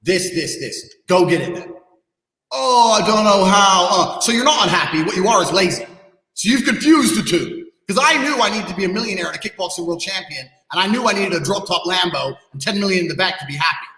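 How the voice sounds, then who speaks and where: Pushed and bright, his high-pitched voice races along as the guest rails at listeners with blunt profanity. It's an animated podcast tirade recorded in a reverberant, echoey room.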